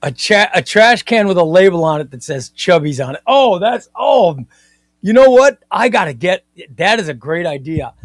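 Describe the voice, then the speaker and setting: A man hosting a comics live stream, chatting in an excitable, rambling way and often repeating himself. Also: high-pitched, normal speed, no room sound. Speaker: comics livestream host. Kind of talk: casual live-stream chat.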